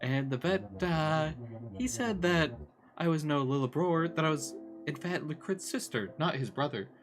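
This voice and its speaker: Fussy chatty lady cat for a visual novel, lively pitch, music playing as a guy plays her. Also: moderate pace, close to an everyday voice. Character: prim talkative female cat who loves crunchy bits. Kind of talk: voice-acting a visual novel on stream.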